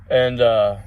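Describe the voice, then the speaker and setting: A man's voice: medium pitch, narrow, tinny audio. A man vlogging, telling rambling personal stories in a casual way, swearing often and using many fillers. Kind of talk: casual storytelling.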